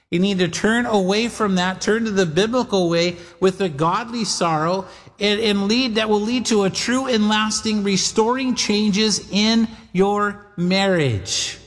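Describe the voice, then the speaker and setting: A man's voice: high voice, fairly bright tone, long reverb tail. A male pastor preaching a sermon in a conversational way, often repeating phrases and speaking straight to his listeners.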